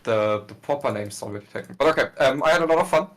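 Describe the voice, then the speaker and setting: A man's voice: medium pitch, animated, fast talker, a bit bright. A man guesting on a livestream, chatting casually and stumbling over his words. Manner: hesitant, repeats words. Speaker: guest co-caster.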